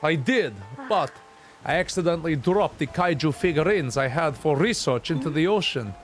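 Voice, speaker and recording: A man's voice: fairly high pitch, animated, moderate pace, soft background music, lightly acted. Man voicing young woman researcher, polite, formal, earnest, raised voice.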